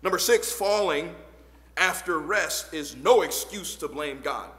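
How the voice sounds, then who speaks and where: High-voiced pastor preaching in a hall. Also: male voice, expressive, a little slow. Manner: preaching with rising shouts on scripture and punchlines; reads old-fashioned scripture verses aloud. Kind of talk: sermon. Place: church sanctuary.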